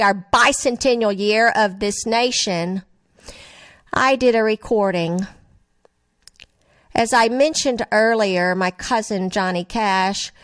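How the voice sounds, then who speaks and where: An older woman from Nashville, giving a sermon and reciting song lyrics in a slow, earnest, softly emotional way. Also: a little high, dry recording. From Nashville, Tennessee. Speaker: speaker at a religious gathering.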